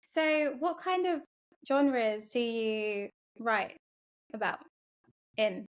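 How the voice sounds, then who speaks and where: A woman's voice: fairly high pitch, animated, very slow. A woman hosting an interview, friendly and encouraging, laughing easily as she asks questions. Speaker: interview host. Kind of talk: casual interview chat.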